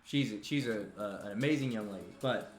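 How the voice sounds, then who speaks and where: A man's voice: lowish voice, a little fast, roomy sound, faint music behind. A man hosting a live stream, telling a comic story in a rambling, self-interrupting way and teasing his audience. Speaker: live stream talk show host. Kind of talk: comedic storytelling to a live chat.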